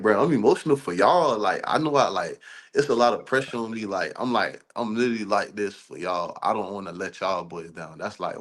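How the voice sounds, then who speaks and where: Deep-voiced young man, laid-back and slangy. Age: young adult. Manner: relaxed, slangy, rambling with many fillers. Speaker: college football player guest. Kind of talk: casual interview chat.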